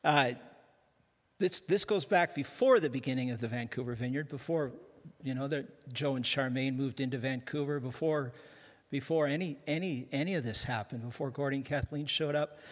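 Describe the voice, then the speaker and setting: An older man from Canada preaches to a church congregation with an easygoing, self-mocking humor. His voice sits at a middle pitch and trips over quick restarts. The sound carries a long reverb from the large hall. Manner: self-deprecating, joking, with frequent restarts. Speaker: guest pastor. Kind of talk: humorous sermon.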